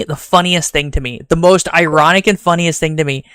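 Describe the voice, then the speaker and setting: Chatty Southern man with a smooth voice. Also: fairly high pitch, brisk, a bit bright, dry recording, clean studio sound. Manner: rambling and chatty, talks straight to chat. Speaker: streamer. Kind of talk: casual chat stream.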